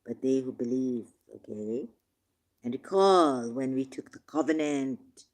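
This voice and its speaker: A man reading scripture verses aloud and commenting on them, turning emotional, shifting between quiet musing and loud, drawn-out declaiming. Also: medium pitch. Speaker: religious commentator.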